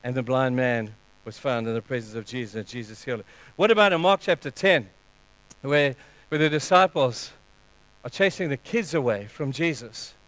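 A man's voice: mid-range voice, lively intonation, moderate pace, fairly bright tone, no echo, rough recording. A man preaching a sermon with dramatic delivery, acting out Bible scenes in quoted voices.

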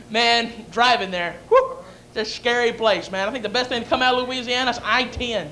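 A man's voice: very high-pitched, steady tone, normal speed, sharp tone. A young man, telling brash, rowdy stories as a stand-up comedian and MC on a comedy club stage. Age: young adult.

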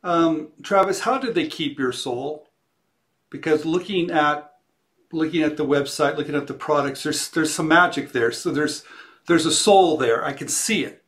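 A man's voice: fairly high pitch, normal speed, a bit bright. A man interviewing a guest, asking brief, admiring questions.

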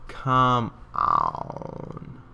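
A man's voice: medium pitch, wildly swooping pitch, extremely slow, creaky, sharp tone, clean tone, lo-fi sound. A young man casually chatting and joking while playing a video game on a livestream. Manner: joking, laughs often. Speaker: let's play co-host.

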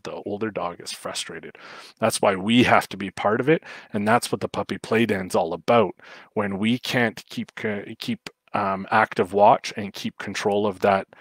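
A man's voice: on the low side, a bit bright, no room sound. A man giving a livestreamed talk on raising puppies as a dog trainer, explaining at length with frequent fillers and restarts.

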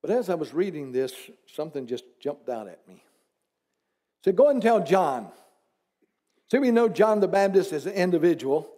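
A man's voice: high voice, sing-song, normal speed, pauses often, warm tone. A man pastor preaching a conversational sermon in church, asking the congregation rhetorical questions and dropping teasing asides.

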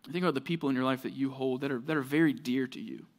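A man's voice: mid-range voice, fast. A man preaching a sermon as pastor, conversational and earnest, with frequent fillers like "right" and "like".

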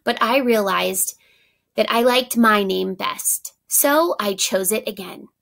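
A quiet, gentle little girl from a storybook, shy but finding her confidence, put on by a woman reading aloud. She speaks slowly, with a bit of gravel in the voice. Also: mid-range voice. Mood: earnest.

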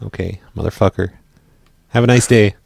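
A man hosting a live radio show and making prank phone calls, speaking deadpan and often stumbling over his words. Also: lowish voice, moderate pace, gravelly, no room sound, studio quality. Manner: deadpan, stammers and repeats words. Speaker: prank-call radio host.

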